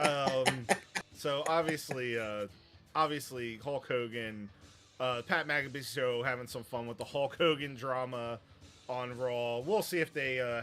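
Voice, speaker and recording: A man's voice: medium pitch, fairly bright tone. A man hosting a wrestling show, chatting casually about the news and giving his opinions, with a rambling manner and many fillers.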